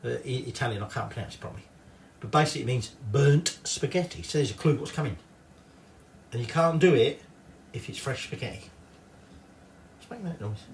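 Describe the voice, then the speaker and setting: A man's voice: medium pitch, animated, brisk, creaky, pauses often, distant mic, a little hiss or hum. A middle-aged man with a Northern English accent, chatting his way through a cooking tutorial in his home kitchen and swearing casually. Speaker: home cook. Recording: echoey kitchen from off-mic.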